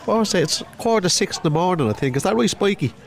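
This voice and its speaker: A man's voice: sits high, lively intonation, fast, vocal fry, slight background noise. A man doing casual live commentary on his club's football match outdoors in the rain, chatting and joking with viewers. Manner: chatty, jokey, greets viewers by name.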